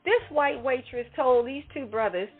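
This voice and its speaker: A woman's voice: sits high, moderate pace, breathy edge, soft background music. A woman co-hosting a talk show, giving an emphatic, indignant commentary. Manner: emphatic, indignant, conversational with asides. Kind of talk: opinion commentary segment. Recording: tinny phone-line audio.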